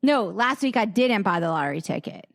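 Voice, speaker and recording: A woman's voice: medium pitch, sing-song, fairly quick, gravelly, no echo, studio quality. A woman co-hosting a podcast, chatting casually, telling rambling stories and laughing often. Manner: giggly, rambling storyteller. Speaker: podcast co-host. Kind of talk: casual comedic chat.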